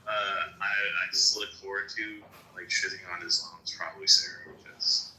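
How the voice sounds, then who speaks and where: A man chats casually, a bit hesitant, with a lowish pitch and a bright tone. The sound is echoey with faint noise behind him. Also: steady tone, normal speed. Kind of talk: casual chat.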